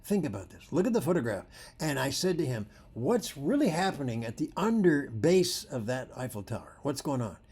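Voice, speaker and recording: A man teaching photography in a presentation, telling stories with animated delivery and acting out the dialogue. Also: mid-range voice, moderate pace, husky. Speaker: photography instructor.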